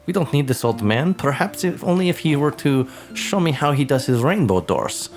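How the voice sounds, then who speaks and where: A man voicing a male adventurer from another culture who speaks in a stilted, halting way in a tabletop game. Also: fairly high pitch, big pitch swings, soft background music. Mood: formal.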